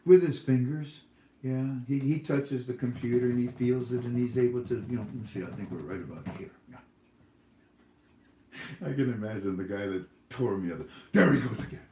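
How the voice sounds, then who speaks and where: A man's voice: mid-range voice, moderate pace, dark tone, echoey room, slight background noise. A man hosting a casual livestream Q&A, rambling and joking with frequent laughs. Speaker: livestream host.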